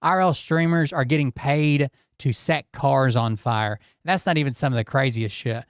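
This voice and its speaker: A man hosting a live-stream show in casual commentary, rambling and self-deprecating, his voice slightly hoarse. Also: mid-range voice, moderate pace, dry recording, clean studio sound. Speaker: show host.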